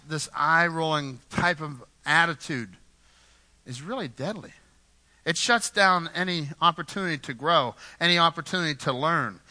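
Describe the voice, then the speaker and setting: A man's voice: a little high, pushed and bright. A man from Pittsburgh preaching a sermon as pastor, talking conversationally, repeating words and asking the congregation questions.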